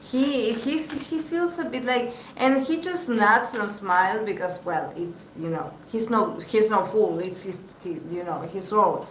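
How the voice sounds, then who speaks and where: A woman giving a casual live tarot reading, chatty and halting with many fillers. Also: medium pitch. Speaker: tarot reader. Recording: echoey room with faint background noise.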